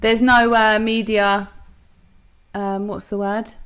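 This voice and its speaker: A woman's voice: medium pitch, little pitch movement, slow pace, a bit bright, clear, resonant tone. A young woman co-hosting a podcast in casual, jokey chat, swearing freely and laughing often. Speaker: podcast co-host.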